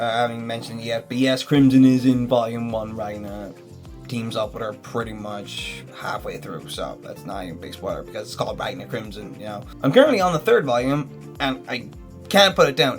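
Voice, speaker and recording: Chatty man gushing about a manga. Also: mid-range voice. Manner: chatty, enthusiastic, lots of fillers. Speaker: manga reviewer. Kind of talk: casual video review.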